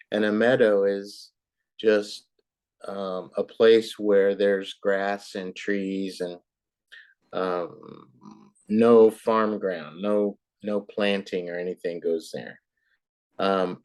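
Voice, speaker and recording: A woman tutoring a child in English, patient and encouraging, repeating words slowly to model them. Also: a bass voice, darkish tone. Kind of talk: online tutoring lesson.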